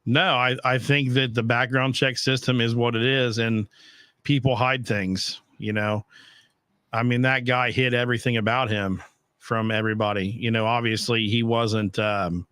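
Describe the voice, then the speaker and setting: A man's voice: medium pitch, flat delivery, normal speed, a bit bright, smooth, no room sound, studio quality. Blunt, profane man hosting a podcast. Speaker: podcast host. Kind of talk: casual chat.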